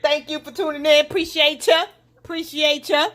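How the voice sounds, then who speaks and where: Casting: young woman podcast host, high voice, fired-up and chatty, cooking as she talks. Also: normal speed. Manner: animated and indignant, talks to listeners directly. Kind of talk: casual podcast monologue. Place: home kitchen while cooking.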